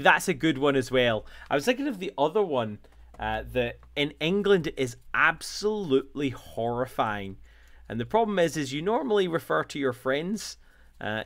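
A man's voice: on the high side, a bit bright. Jokey Scottish man streaming. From Scotland. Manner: rambling and jokey, laughs often. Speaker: hobby painting streamer. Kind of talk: casual livestream chat while painting.

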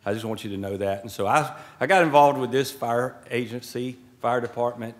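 A man's voice: mid-range voice, steady tone, a little fast. A middle-aged man giving a folksy, joking speech at a podium during an indoor ceremony, with preacher-like asides. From Georgia. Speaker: guest speaker at a swearing-in ceremony. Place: indoor event hall at a podium. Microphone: podium microphone.

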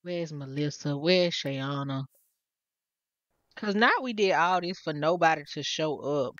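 A woman's voice: low-pitched, measured pace, no echo, muffled recording. A woman giving casual, exasperated gameplay commentary straight to her viewers. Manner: animated, exasperated, talks to viewers.

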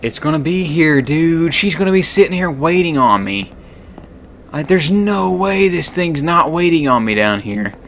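A young man with a bright voice, playing a horror game and narrating aloud. He shouts in fright, mutters to himself, and talks close to a desk mic at home. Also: on the high side, expressive, moderate pace, creaky, a little hiss or hum. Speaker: gaming YouTuber.

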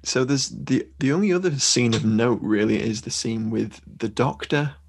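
A man co-hosting a podcast, recapping a film in casual chat with halting restarts and dry humor. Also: medium pitch, expressive, vocal fry, slightly rough. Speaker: podcast co-host.

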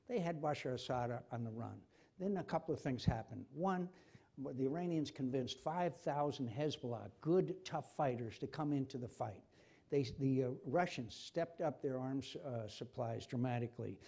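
A man's voice: medium pitch, warm tone. An older man, a senator, speaking with passion in a forum conversation and repeating himself when stirred. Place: university forum hall.

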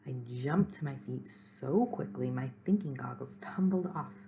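A woman with a low, gravelly voice reads a children's book aloud at an unhurried pace. She plays the first-person narrator herself and breaks off for friendly asides to her young listeners, sometimes sinking to a soft whisper. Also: animated, slight background noise. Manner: slow and gentle, with chatty asides to listeners, sometimes dropping to a whisper. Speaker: reader. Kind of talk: storybook read-aloud for children.

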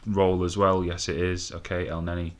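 A young man commentating a football game excitedly, nervous and swearing, with laughing bursts. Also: low-pitched, brisk. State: out of breath. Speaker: gaming commentator.

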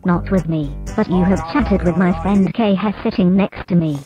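A synthetic female text-to-speech chatbot voice speaking calmly and condescendingly, with a dull lo-fi sound and music behind. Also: lowish voice, moderate pace. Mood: calm smug. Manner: calm, flat, condescending. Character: female chatbot voice, smug and know-it-all.

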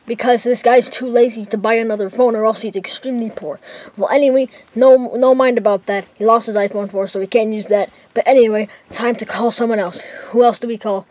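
A woman's voice: medium pitch, fairly even intonation, a little fast, a little mellow. A woman narrating and voicing characters in a casual homemade toy skit, rambling with many fillers.

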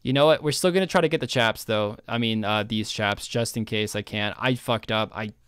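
A man's voice: lowish voice, fairly quick, fairly bright tone, clean tone, no echo, studio quality. A man giving casual, sweary gameplay commentary and scolding himself for mistakes. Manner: self-scolding, swearing, jumpy. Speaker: guest gamer.

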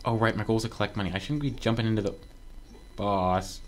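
A man playing a platform game and commenting as he goes, excitable and joking, yelping when something surprises him. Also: lowish voice, quick pace, a little hiss or hum. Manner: excitable, talks to himself, yelps when surprised; joking asides to viewers. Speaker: gaming video creator. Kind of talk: casual let's-play commentary.

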